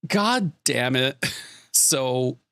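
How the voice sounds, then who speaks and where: A man's voice: mid-range voice, very slow, clear, resonant tone, dry recording, studio quality. A male streamer telling an exasperated, swearing story to his chat in a casual way. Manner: exasperated, swearing, animated retelling.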